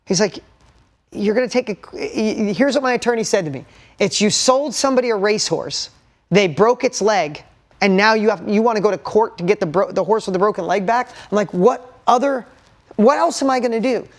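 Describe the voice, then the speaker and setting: A man delivers a motivational storytelling talk to an audience. He speaks candidly and bluntly, swears casually, and lets his emotion show. He keeps urging his listeners to take notes. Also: high-pitched.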